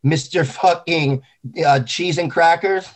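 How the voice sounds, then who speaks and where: A man's voice: fairly high pitch, takes it slowly. A man talking casually about grief, intense and rambling, swearing often. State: grieving. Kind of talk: emotional casual talk.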